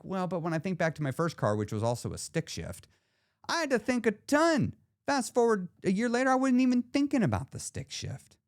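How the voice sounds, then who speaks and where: A man's voice: fairly high pitch, a little mellow, no room sound, studio quality. A man in his forties hosting a solo podcast as a weight-loss coach, explaining ideas to the listener in a conversational way.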